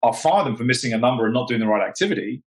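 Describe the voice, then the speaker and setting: A man's voice: medium pitch, lively intonation, rapid-fire, rough recording. A British man speaking as a sales executive guest in a casual chat, emphatic and full of "you know" fillers. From United Kingdom.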